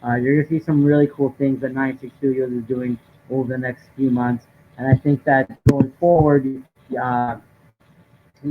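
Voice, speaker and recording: A man co-hosting a live stream from home, giving upbeat, talkative sports commentary with many fillers. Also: mid-range voice. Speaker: co-host of a live draft stream. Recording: tinny lo-fi stream audio with faint noise.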